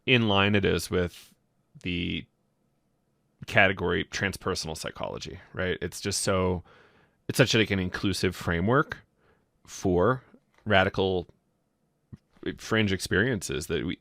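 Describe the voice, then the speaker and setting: A man hosting an interview podcast, speaking slowly and thoughtfully with many fillers. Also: sits low, gravelly, fairly bright tone, no echo, clean studio sound. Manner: slow, thoughtful, lots of fillers. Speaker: podcast host. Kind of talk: casual interview talk.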